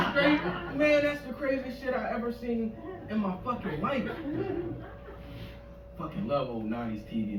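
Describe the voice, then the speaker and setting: Brief: male stand-up comic, rambling profane bit, roomy distant club sound. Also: high voice. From Maryland. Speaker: stand-up comedian. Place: comedy club stage. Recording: echoey club from a distance with noise.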